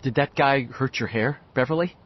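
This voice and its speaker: A man's voice: medium pitch, unhurried, dull audio, lightly acted. A man voicing a shy, chubby young teenage boy who speaks timidly and a bit breathlessly.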